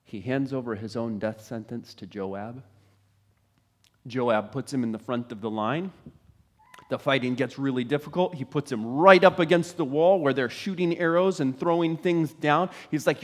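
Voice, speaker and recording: A man preaching a sermon, telling a story dramatically and swinging from loud to hushed. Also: mid-range voice, moderate pace. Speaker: pastor.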